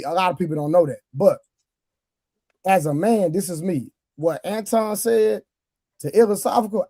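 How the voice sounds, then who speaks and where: A man's voice: high voice, dark tone, no echo, clean studio sound. A man speaking firmly and with emphasis on a livestream panel chat. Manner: firm, emphatic.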